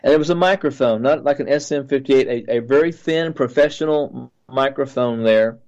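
Earnest pastor recounting a dream. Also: male voice, medium pitch, a little mellow, dull audio. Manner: earnest, halting, with frequent restarts.

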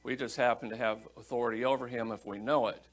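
A man's voice: medium pitch, fairly even intonation, quick pace. A middle-aged male pastor preaching a Bible-teaching sermon in a conversational, storytelling manner and reading scripture aloud.

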